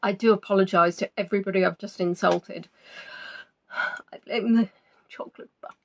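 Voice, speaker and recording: A woman's voice: fairly even intonation, moderate pace. A woman hosting a live online quiz, chatting with players and teasing them as she reads out their answers. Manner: teasing, chatty, reads out names and answers with big pitch swings.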